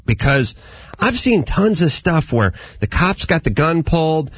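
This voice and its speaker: A man with a slightly husky, gritty voice rants through a casual comedic talk show in a studio. His pitch swings widely as he jumps into high, yelping impressions of the people he describes. The sound is close and dry. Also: unhurried, dry recording. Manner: animated ranting, mimics people in high yelps.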